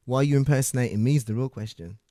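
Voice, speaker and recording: A male streamer chatting casually with callers, full of slang and swearing and easily excited. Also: medium pitch, very fast, no echo, clean studio sound. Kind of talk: casual live-stream chat.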